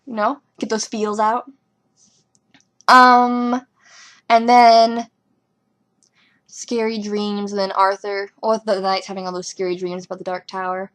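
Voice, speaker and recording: A young woman talking casually as a fan reviewing a TV episode, rambling and excitable with lots of ums and likes. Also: medium pitch. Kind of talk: casual fan reaction commentary.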